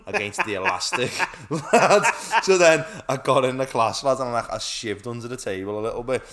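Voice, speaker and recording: A young man co-hosting a podcast, telling animated stories with laughs and swearing. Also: mid-range voice, normal speed. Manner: animated storyteller, swears, laughs often, says "lad". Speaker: podcast co-host. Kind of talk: casual chat.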